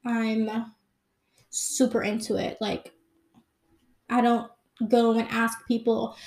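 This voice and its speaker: Chatty young woman, slightly high voice. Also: steady tone, slow pace, long pauses, a little mellow. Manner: rambling and chatty, lots of "like" and "um". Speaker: vlogger. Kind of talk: casual chat answering questions.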